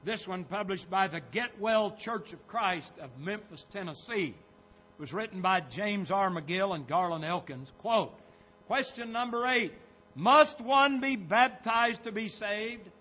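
A man's voice: high voice, animated, unhurried, bright, forceful tone, muffled recording. A man preaching a sermon, pressing hard on quoted scripture as he reads it. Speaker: pastor.

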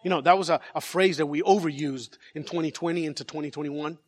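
In a large church with a long reverb tail, a pastor preaches a sermon in a fast, somewhat high voice. He tells a story with animation, repeating words and joking with the congregation.

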